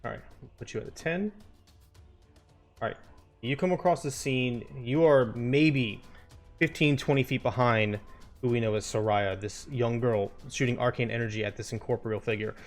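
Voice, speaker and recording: A man running a tabletop game as game master, narrating scenes in a descriptive, steady storytelling manner. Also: mid-range voice, normal speed, soft background music.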